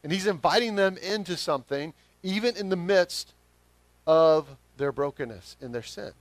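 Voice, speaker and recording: A man with a Southern accent preaching a sermon as pastor, swinging from quiet reflection to emphatic, rising calls. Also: sits high, animated, moderate pace, no echo. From Southern United States.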